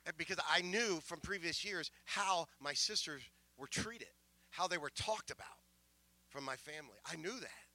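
Emotional preacher man, bright and dry. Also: on the high side, normal speed, dry recording. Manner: emotional, rising from soft asides to loud proclamations; stammering restarts. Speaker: pastor. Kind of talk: sermon storytelling.

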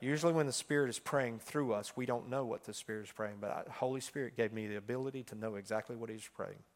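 A middle-aged man preaching a sermon in a chatty style full of fillers, swinging between loud passages and hushed ones. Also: mid-range voice, fast talker.

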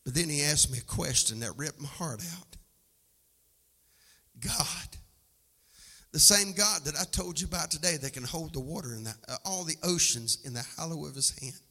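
Male pastor, sermon, sing-song shouted preaching, bright piercing tone, long church-hall reverb. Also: fairly high pitch, moderate pace, breathy edge. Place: church sanctuary.

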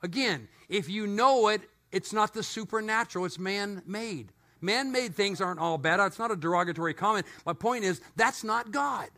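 Middle-aged male pastor, high and bright voice, animated storytelling sermon with playful asides. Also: normal speed, few pauses.

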